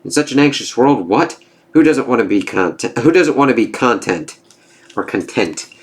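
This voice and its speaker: A man's voice: mid-range voice, animated, moderate pace, natural voice. A man reading the lines of a smug, gloating male corporate villain from a comic, taunting as he speaks.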